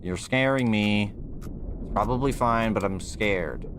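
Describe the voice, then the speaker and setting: A man's voice: on the low side, takes it slowly, slight background noise. A young man streaming a game, talking nervously to himself and his chat and swearing as he plays. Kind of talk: gaming livestream commentary.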